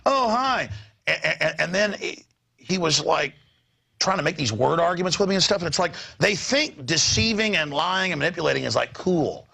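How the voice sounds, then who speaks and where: A middle-aged man hosting a talk show, ranting fast and breaking into mocking impressions of other people. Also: fairly high pitch, lively intonation, sharp tone. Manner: rapid, gravelly, breaks into mocking voices.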